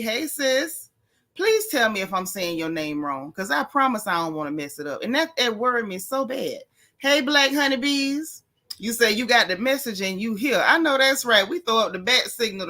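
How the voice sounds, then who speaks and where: Bright chatty woman greeting her livestream crowd, pitched a bit high. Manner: lively, chatty, Southern Black American slang. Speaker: livestream host. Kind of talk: casual livestream chat greeting viewers.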